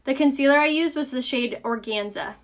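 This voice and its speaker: A woman's voice: high-pitched, fairly quick. A young woman with a Southern US accent hosting a casual live makeup tutorial, chatty and upbeat as she answers viewer comments.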